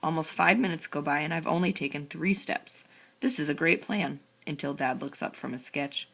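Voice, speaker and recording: A woman reading a first-person children's novel aloud with a sarcastic, expressive delivery. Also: sits low, normal speed, vocal fry. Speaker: audiobook narrator. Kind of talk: first-person audiobook narration.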